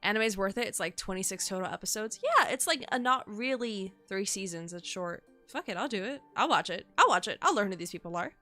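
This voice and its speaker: Young woman game streamer, bright voice, excitable and chatty, swears a lot, faint game music under her. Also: mid-range voice, brisk, hardly any pauses. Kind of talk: casual live-stream commentary.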